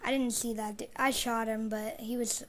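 Excitable gamer woman muttering live commentary. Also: normal speed, a little hiss or hum. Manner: mostly muttered low, with sudden loud exclamations. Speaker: gamer streaming live play.

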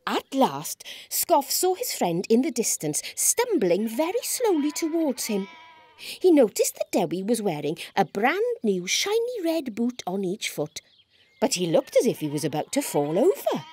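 A woman's voice: medium pitch, big pitch swings, unhurried, a little mellow, slightly rough. A woman presenting a preschool show and reading a story aloud in an encouraging, sing-song way.

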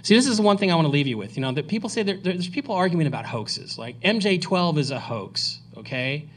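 A man's voice: on the high side, brisk. Rambling man giving a conference talk. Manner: rambling, animated, self-correcting. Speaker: speaker at a conference. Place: lecture hall.

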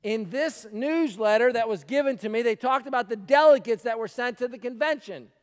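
Male pastor, very high voice, emphatic sermon full of repeated lines, long church hall echo. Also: brisk. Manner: emphatic preaching, repeating phrases, swings from shouts to quiet asides. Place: church sanctuary.

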